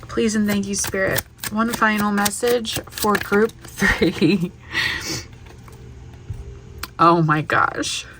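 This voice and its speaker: A woman's voice: medium pitch, fairly even intonation, takes it slowly, fairly bright tone, slight background noise. A woman tarot reader giving an emotional spiritual reading to camera, tearful and gushing with heartfelt affirmations.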